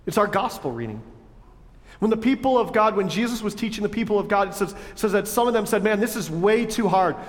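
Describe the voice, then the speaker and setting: A man preaching a sermon in a lively, animated way, voicing God and his listeners' objections as he goes. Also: sits high, fairly quick, big-room sound. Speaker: pastor.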